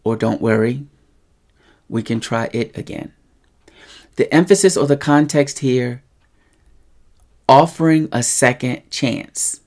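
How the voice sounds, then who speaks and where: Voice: medium pitch, slow, long pauses, a little mellow. A language teacher talking through a casual lesson, explaining patiently and checking in with the listener often. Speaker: Spanish teacher.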